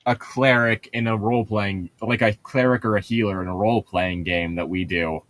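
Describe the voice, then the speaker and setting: A man's voice: lowish voice, steady tone, normal speed, a bit bright. A young man hosting a podcast, reading fanfiction aloud with casual, laughing delivery. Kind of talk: comedic read-aloud of fanfiction.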